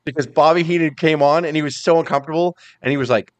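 A man co-hosting a podcast, telling wrestling stories in casual, profane chat with quick impressions. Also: a little high, fairly even intonation. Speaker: podcast co-host.

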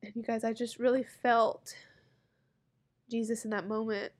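Emotional woman vlogger, slightly high voice. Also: little pitch movement, a little mellow. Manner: halting, heartfelt, many pauses and fillers. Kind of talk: personal story told to camera.

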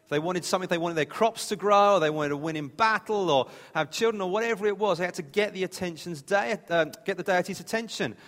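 A man's voice: high voice, fast, few pauses, a bit bright. A man preaching a sermon in a plain, conversational way, sometimes restarting his phrases. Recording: reverberant hall.

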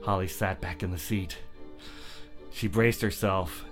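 A man narrating a children's story in a lively, animated way. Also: low voice, a little slow, pauses often, faint music behind.

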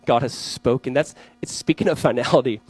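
Fast, lively young man preaching. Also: mid-range voice, slightly rough, no echo, low-quality recording. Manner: animated storyteller, acting out voices in anecdotes. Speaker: pastor. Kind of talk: sermon.

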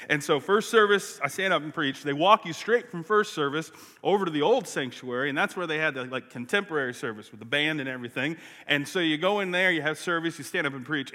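A man preaching a sermon, telling a story in an animated way with frequent restarts. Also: mid-range voice. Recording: long hall reverb.

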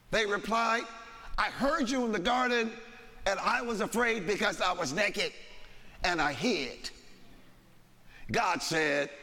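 A man's voice: high voice, animated, slow, creaky, pushed and bright. A man preaching a sermon, reading scripture aloud with dramatic emphasis in a church sanctuary. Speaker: pastor. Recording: long hall reverb.

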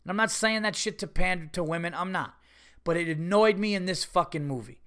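A man's voice: sits high, fairly quick, pushed and bright, smooth. A middle-aged man hosting a podcast, ranting in a profane, repetitive, emphatic way. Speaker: podcast host. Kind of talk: casual solo podcast rant.

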